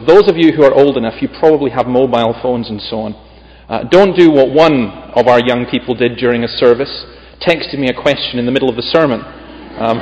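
A man's voice: mid-range voice, big-room sound, muffled recording. A man with a Scottish accent preaching as a visiting preacher in a church. He reads scripture with emphasis and adds chatty, humorous asides. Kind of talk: sermon.

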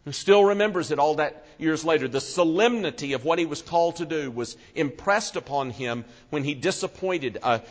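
Earnest male preacher in a reverberant hall. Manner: earnest, slows and drops low for solemn emphasis. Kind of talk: expository sermon. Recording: long reverb of a large hall.

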